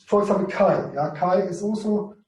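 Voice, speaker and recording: Man teaching Greek, high mellow voice, hesitant, lots of fillers, echoey room away from the mic. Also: moderate pace, far from the mic, a little hiss or hum. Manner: hesitant, many fillers and restarts. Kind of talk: informal online lesson.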